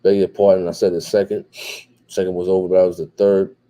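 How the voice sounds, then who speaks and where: A man's voice: sits low, flat delivery, fast talker, warm tone. A tired man doing casual live fight commentary, reading viewers' chat and answering it in a laid-back way, full of repeats and fillers. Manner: laid-back, repeats himself, many fillers like "what have you".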